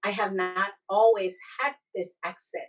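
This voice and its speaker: A woman with foreign accent syndrome, speaking haltingly on a church panel as a disability advocate. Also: medium pitch, steady tone, recorded from a distance, rough recording. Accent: foreign accent syndrome, accent not from her Southern California origin. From Southern California. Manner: halting, restarts and searches for words. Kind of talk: panel discussion.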